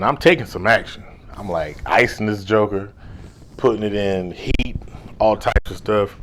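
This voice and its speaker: A man, a life coach, telling a personal story in a laid-back, slangy way, now and then dropping to a hushed whisper. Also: fairly low pitch, a little slow. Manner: drops to a hushed whisper when replaying his inner thoughts.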